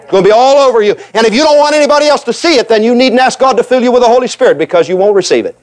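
A man preaching a sermon in an animated way, acting out the voices of reluctant believers and repeating points for emphasis. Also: very high voice, rapid-fire. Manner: emphatic repetition.

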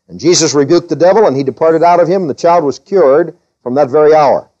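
A pastor preaching a sermon, a man whose voice sits a little high. He lifts up to read scripture and drops back down to explain it. The recording is dull and lo-fi. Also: fast, few pauses, dark tone. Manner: preaching with scripture readings in a raised voice.

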